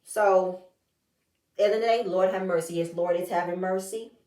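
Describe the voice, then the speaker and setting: A woman giving a sassy, animated recap of a reality show and acting out what the cast said. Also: lowish voice, normal speed, distant mic. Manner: animated, sassy, acts out the cast's quotes. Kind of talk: casual recap chat. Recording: echoey room, a bit off-mic.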